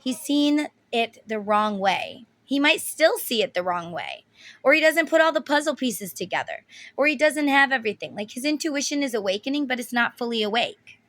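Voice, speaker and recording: A woman in her thirties speaks bluntly in a casual tarot reading. She gets emotional and swears freely. Her voice has a bright, sharp edge. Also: a little high, big pitch swings, normal speed. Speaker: tarot reader.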